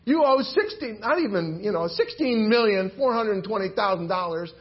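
A male preacher delivers a sermon in a high-pitched voice, talking animatedly and slipping into characters to act out the story. The church recording sounds dull and lo-fi. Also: lively intonation, moderate pace.

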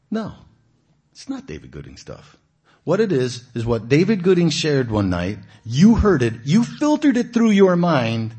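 A man giving an informal, conversational sermon to a church group, asking the listeners questions and stressing points with animated emphasis. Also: mid-range voice, husky. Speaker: guest preacher. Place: church meeting room.

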